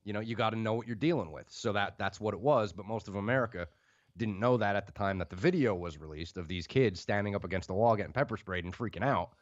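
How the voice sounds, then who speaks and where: A man co-hosting a casual chat show, relaxed and easygoing as he talks it through. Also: on the low side, quick pace, no echo. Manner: laid-back, agreeable listener. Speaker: podcast co-host. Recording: muffled lo-fi audio.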